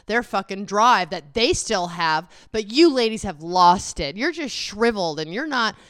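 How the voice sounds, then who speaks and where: A bright, smooth-voiced woman talks on a podcast, her pitch jumping all over as she teases and needles her husband. She is blunt and swears freely. Her voice sits slightly high and is recorded on a close, dry mic. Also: animated, normal speed, dry recording. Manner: teasing, blunt, heavy swearing. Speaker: podcast co-host. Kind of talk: casual couple chat.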